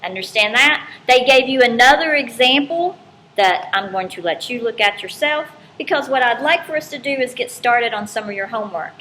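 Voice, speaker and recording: A woman's voice: a little high, animated, moderate pace, pushed and bright. A woman teaching an algebra lesson in a casual, chatty way, correcting herself as she goes. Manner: chatty, informal, self-correcting. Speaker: math teacher. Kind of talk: recorded classroom lesson. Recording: roomy with faint background noise.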